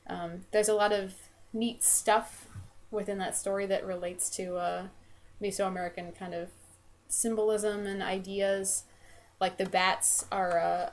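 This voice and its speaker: A woman's voice: fairly low pitch, a little hiss or hum. A woman vlogger retelling a story in a chatty, casual way, with lots of fillers and "they're like.". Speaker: vlogger and game developer.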